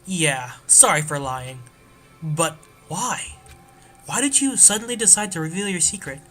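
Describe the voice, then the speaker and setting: Man voicing timid young student, hesitant, earnest, higher voice, game let's play. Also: animated, a little slow, pushed and bright, faint music behind.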